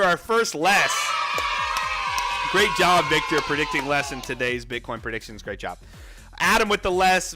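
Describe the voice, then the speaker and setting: Breathless, excitable male livestream host. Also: a little high. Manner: energetic, reads viewer names rapidly, excitable outbursts. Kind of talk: casual livestream chat.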